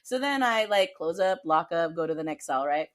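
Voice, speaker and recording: A woman co-hosting a podcast, telling a work story in casual chat, animated and acting out quoted voices with frequent laughter. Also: lowish voice, normal speed. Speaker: podcast co-host.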